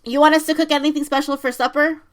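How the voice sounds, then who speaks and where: Woman podcast cohost reading dumb autocorrect texts, giggly, a bit high-pitched. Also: steady tone, fast talker, a bit bright. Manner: giggly, reads quotes with playful emphasis. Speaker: podcast co-host. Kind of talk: casual chat reading funny texts aloud.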